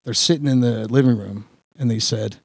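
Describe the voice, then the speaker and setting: A man on a podcast, telling a long story in a rambling, animated way with many restarts. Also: medium pitch, moderate pace, vocal fry, husky, dry recording, studio quality. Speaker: podcast host. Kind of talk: casual storytelling chat.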